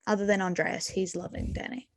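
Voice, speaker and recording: Woman, Australian accent, co-host, rambling casual chat, mid pitch, dry sound. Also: flat delivery, brisk, vocal fry, dry recording. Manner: chatty, rambling opinions. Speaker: podcast co-host.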